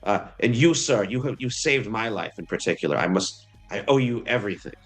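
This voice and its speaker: A game master puts on a middle-aged German inventor who is the father of a family. He speaks in a thick German accent, formal and earnest, full of effusive thanks, in a lowish voice. Faint music plays behind the tabletop game. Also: animated, brisk, breathy edge. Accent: German, put on.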